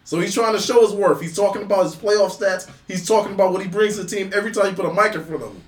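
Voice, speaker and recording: A man's voice: sits high, racing, echoey room, soft background music. A man in a casual sports debate, telling it insistently and swearing freely.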